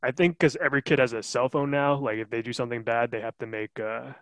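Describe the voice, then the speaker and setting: Laid-back male host, mid pitch, dry close mic, lots of fillers. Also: steady tone, quick pace, fairly bright tone, clean tone, dry recording. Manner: hesitant, many "like" fillers and restarts. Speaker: podcast host. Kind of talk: casual podcast chat.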